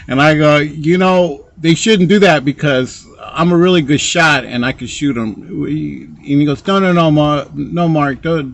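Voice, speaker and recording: Gravelly rambling handyman. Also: mid-range voice, a bit bright. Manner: rambling, repeats "so anyway", acts out both sides of conversations. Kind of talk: casual storytelling.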